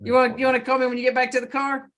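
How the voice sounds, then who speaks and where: A woman judge runs through pre-trial cases briskly. Her voice sits a little high, and her manner is businesslike with the odd joke. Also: flat delivery. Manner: brisk, businesslike, joking asides. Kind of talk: court hearing proceedings.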